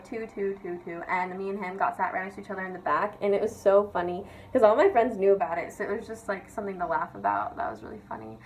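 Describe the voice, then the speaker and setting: Young woman, vlogger, casual storytelling, giggly, swears a lot, "like" everywhere, average pitch, faint background hiss. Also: a bit bright, low-quality recording. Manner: giggly, profane, filler-heavy with constant "like".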